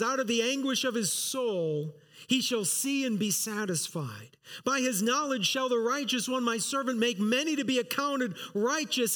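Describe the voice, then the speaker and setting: A man's voice: very high-pitched, fairly bright tone. A man preaching an earnest sermon as pastor, reading scripture aloud and driving his points home with emphasis.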